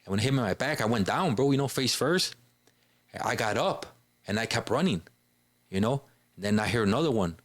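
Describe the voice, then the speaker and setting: A man's voice: mid-range voice, lively intonation, brisk, long pauses, no echo. A man from Chicago, a podcast guest, telling a personal story in a casual, informal way, filling his speech with "you know" and "bro".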